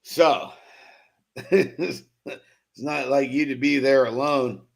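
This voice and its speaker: A man's voice: medium pitch, fairly even intonation, very slow, gravelly. A man hosting a BMX live stream, reading chat comments aloud and teasing viewers with loose, profane jokes and frequent laughs. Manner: joking, profane, laughs often; loose and teasing with chatters by name. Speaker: host of a BMX live show.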